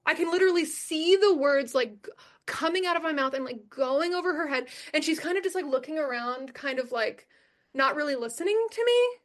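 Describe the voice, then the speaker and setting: A young adult woman with a high voice tells her story as a podcast guest. She talks bluntly and emphatically, swears freely and repeats the lines that matter to her. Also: lively intonation, a little fast.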